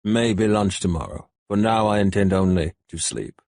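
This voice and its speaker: A man voicing a cold, mocking male warlord who speaks slowly and deliberately. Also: low voice, animated, gravelly, darkish tone, no echo, studio quality.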